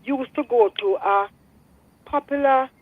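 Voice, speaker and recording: Older Jamaican woman, phone-in caller, high voice, dry phone line, earnest and preachy. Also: a little slow, dry recording. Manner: earnest, preachy, repeats herself. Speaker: radio caller. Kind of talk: phone-in testimony. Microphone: telephone.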